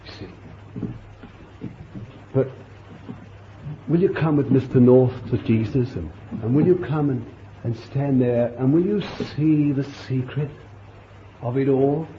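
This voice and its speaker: A man preaching a sermon, telling the story vividly and swinging between loud appeals and hushed asides. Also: mid-range voice, unhurried, pauses often, a little hiss or hum. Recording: echoey dull room recording.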